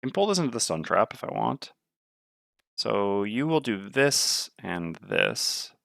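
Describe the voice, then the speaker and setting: A man's voice: fairly low pitch, big pitch swings, a little slow, gravelly, fairly bright tone, no room sound, studio quality. A man playing a tabletop board game on stream, thinking aloud and weighing his moves. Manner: muttering, weighing options aloud.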